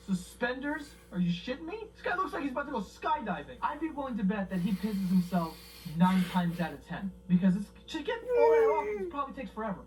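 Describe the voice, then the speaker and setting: A man's voice: high voice, a little mellow, recorded from a distance, a little hiss or hum, low-quality recording. A man giving profane comedic commentary, incredulous and mocking, swearing often.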